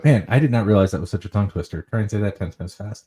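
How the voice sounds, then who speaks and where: A man co-hosting a relaxed conversation, with a low, mellow and dark voice. He talks in a laid-back, halting way, often stopping to rephrase. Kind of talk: casual conversation.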